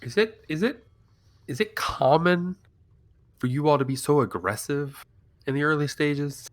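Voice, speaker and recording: A man at a streamed tabletop game talks in an awkward, jokey way. His pitch swings widely, and he often stumbles and restarts. It sounds like casual play among friends. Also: expressive, unhurried. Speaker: player.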